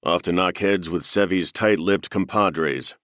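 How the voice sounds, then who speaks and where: A man's voice: deep voice, unhurried, a bit bright, no echo. A man voicing a grudging, hot-tempered male cop who snaps and swears. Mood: curt. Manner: snapping, profane, raising his voice.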